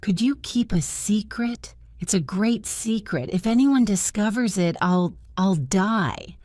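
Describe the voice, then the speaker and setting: A woman voicing a timid, eager young girl who pleads and rushes her words in a storybook reading. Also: mid-range voice, a little mellow, no room sound, clean studio sound, voice pushed up, natural voice. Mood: pleading.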